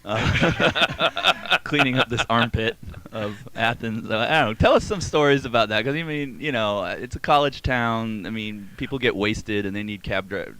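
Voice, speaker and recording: A man's voice: mid-range voice, normal speed, pushed and bright. A man hosting a casual podcast, prompting his guest with easygoing, filler-heavy questions. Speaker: podcast host. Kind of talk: casual chat, interviewing a guest.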